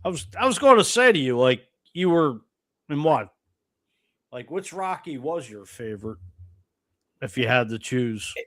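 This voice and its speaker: A male talk host with an ordinary mid-range voice. He keeps things easy and low-key, nudging his guest along with short replies and quick questions. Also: big pitch swings. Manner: quiet backchanneling, brief questions. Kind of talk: casual interview.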